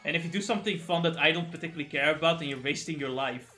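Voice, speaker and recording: Fast, high-voiced man ranting on stream. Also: soft background music. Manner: animated, profane ranting. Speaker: streamer host. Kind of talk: casual livestream chat.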